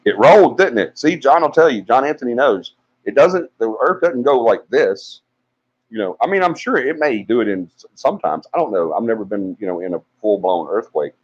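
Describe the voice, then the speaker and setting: A man's voice: medium pitch, fairly quick, lo-fi sound. A man telling a story casually on a live stream, full of fillers and acted-out quotes. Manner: animated storyteller, acts out quoted voices, many fillers. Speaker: paranormal investigation team member on a live stream.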